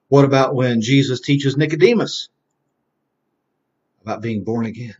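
On a dull lo-fi recording, a man with a slightly high voice and lively intonation teaches kids from the Bible. He asks questions and slowly answers them himself, repeating key phrases in call-and-response drills.

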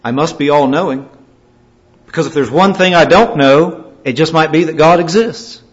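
A male preacher delivering a sermon, swinging from loud, emphatic scripture reading to quiet, grave warnings. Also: fairly high pitch, moderate pace. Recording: dull lo-fi recording.

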